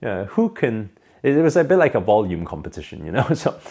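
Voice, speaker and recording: In a sing-song, slightly rough voice, a man briskly tells his own story as a monologue. He's earnest, building to emphatic highs and then falling low and quiet.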